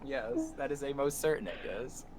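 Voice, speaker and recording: A man's voice: mid-range voice, moderate pace, crowd noise, rough recording. A man playing in a tabletop game, talking in a wry, lightly formal way. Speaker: player. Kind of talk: casual chat at a game table. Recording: loud background noise.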